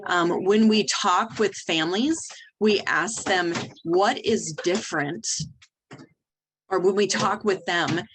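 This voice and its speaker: A middle-aged woman who cares for newborns, telling a family's story in an interview in a candid, direct way. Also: on the low side. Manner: candid, direct, animated retelling. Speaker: nursery nurse leader.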